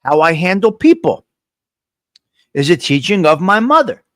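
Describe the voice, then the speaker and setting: A livestream host with a high, bright voice that swings widely in pitch runs a live morning coffee chat at a moderate pace. He speaks directly to his viewers in a motivational, repetitive way and reads their comments aloud. The sound is clean studio audio with no room sound.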